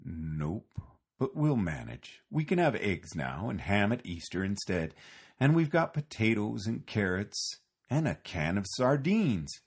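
A man doing a calm, weary old man. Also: fairly low pitch, unhurried, slightly rough, heavily acted.

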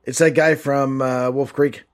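A man's voice: medium pitch, steady tone, a little slow. A man co-hosting a podcast, chatting casually about a movie and dropping dry wisecracks. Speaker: podcast co-host. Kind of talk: casual movie riffing chat.

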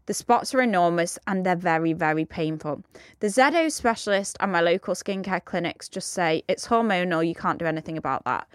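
A woman's voice: on the low side, a little fast, no echo, clean studio sound. A young woman co-hosting a podcast, chatting casually, reading listener messages and swearing freely. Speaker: podcast co-host.

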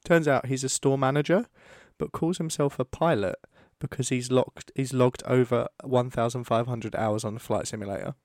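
A man's voice: medium pitch, steady tone, normal speed, few pauses, a little mellow, dry recording. A man co-hosting a podcast, telling stories in casual, joking chat. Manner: chatty storyteller, quips. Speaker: podcast co-host.

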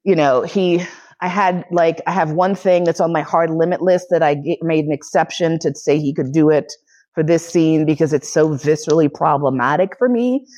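A woman's voice: sits low, moderate pace, a little mellow. A woman from New York City hosting a podcast lecture, telling a story in casual, profane talk and laughing often. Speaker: podcast host giving a lecture.

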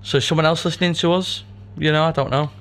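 A man's voice: fairly high pitch, steady tone, fast talker, fairly bright tone. A man co-hosting a podcast, chatting casually in a dry, teasing way and swearing now and then. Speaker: podcast co-host. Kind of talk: casual chat.

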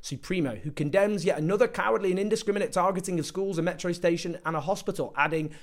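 A man speaking in a fairly high register, delivering a political commentary monologue. He is indignant and biting, leaning on sarcasm and hammering his points home with emphasis. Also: fast.

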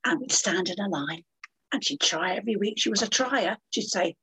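Older lady spinning a yarn, raspy voice that swoops up and down, very theatrical. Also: mid-range voice, lively intonation, moderate pace, fairly bright tone, rough recording. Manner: dramatic, theatrical storyteller. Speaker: guest. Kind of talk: storytelling interview.

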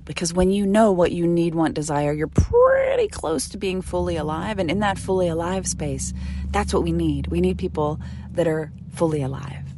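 A middle-aged woman hosting her own podcast, speaking earnestly and from the heart, sometimes dropping to a soft whisper. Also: fairly low pitch, big pitch swings, normal speed, slight background noise. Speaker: podcast host. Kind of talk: intimate solo podcast monologue. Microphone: studio microphone.

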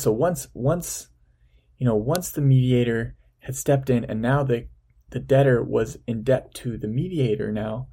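A man's voice: mid-range voice, creaky, dark tone, breathy edge. A man reading a parable aloud, then explaining it in an earnest church talk. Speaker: church speaker.

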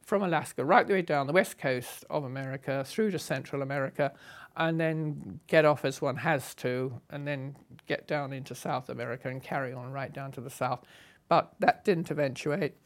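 An older woman telling her life story in an unscripted, assertive and brisk way. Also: rumbling low. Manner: brisk, assertive, animated retelling with laughs. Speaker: storyteller recalling her past. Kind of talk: unscripted spoken memoir.

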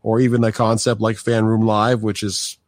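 A man's voice: lowish voice, little pitch movement, normal speed, dry recording, studio quality. A man hosting a podcast interview, talking casually and loosely with lots of fillers and restarts. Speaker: podcast host.

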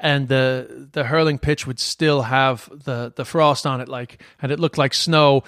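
A man's voice: medium pitch, steady tone, measured pace, fairly bright tone, no echo, clean studio sound. An Irish man hosting a casual podcast chat, rambling and swearing freely. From Ireland. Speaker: podcast host.

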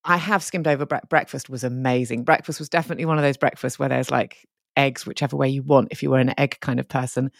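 A woman co-hosting a podcast, telling stories in a chatty, animated way. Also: rumbling low, quick pace, gravelly, no room sound, studio quality. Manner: chatty, animated storytelling with quoted voices. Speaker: podcast co-host. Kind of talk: casual chat.

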